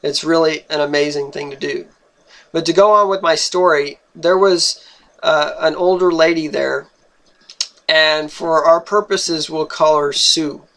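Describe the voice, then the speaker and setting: A young man with a notably high voice tells a personal story at an unhurried, deliberate pace. He speaks earnestly and haltingly, stumbling over and repeating words as he searches for them. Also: steady tone, fairly bright tone.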